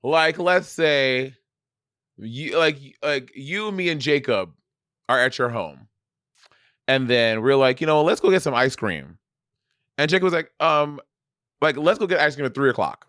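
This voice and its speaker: A man's voice: mid-range voice, measured pace, pauses often, no echo, studio quality. A man with a Saint Lucian accent co-hosting a podcast, telling stories with lots of laughter. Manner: animated storytelling, laughs often. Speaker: podcast co-host. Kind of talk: casual chat.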